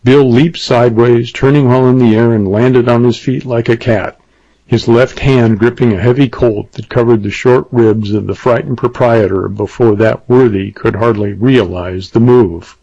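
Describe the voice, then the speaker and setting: A man narrating a western novel in a measured storytelling manner. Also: medium pitch, steady tone, gravelly, warm tone. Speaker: audiobook narrator. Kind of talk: scripted narration. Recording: dull lo-fi dry recording.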